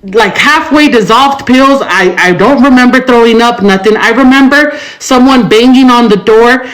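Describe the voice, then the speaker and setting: A woman's voice: fairly high pitch, normal speed, poor audio. A woman telling her own hard story as an interview guest, emotional and rambling, swearing often. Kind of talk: raw personal storytelling.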